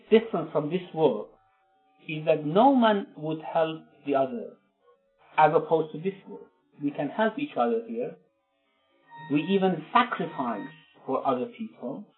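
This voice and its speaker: Man preaching over a tinny line. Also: on the high side. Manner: earnest, recites verses then explains them with frequent pauses. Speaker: religious lecturer. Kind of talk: sermon with scripture translation. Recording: tinny phone-line sound with faint music.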